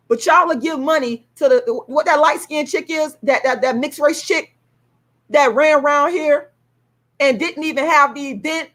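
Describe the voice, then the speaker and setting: Speaking into what sounds like a computer mic, a woman on her YouTube livestream rants angrily, then pivots to promoting tickets for her own play. Her voice is a little high for a woman, fairly bright, animated and at normal speed. She's heated and indignant, swears freely, and keeps circling back to the same points.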